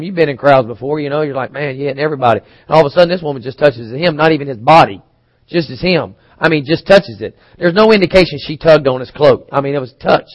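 Male preacher, conversational teaching sermon, slightly higher voice, dry close mic. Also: no echo, poor audio. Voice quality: occasional coughs. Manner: conversational, asks the congregation questions.

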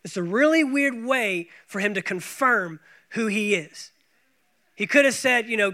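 A man with a very high, bright voice preaches a sermon. He leans hard on repeated phrases and swings between hushed asides and loud, driving lines. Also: expressive, measured pace. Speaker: pastor.

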